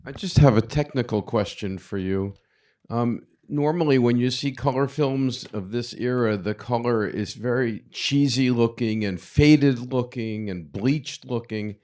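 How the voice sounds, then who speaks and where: A man's voice: medium pitch, measured pace, darkish tone. A man in the audience asking a curious, precise technical question. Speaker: audience member.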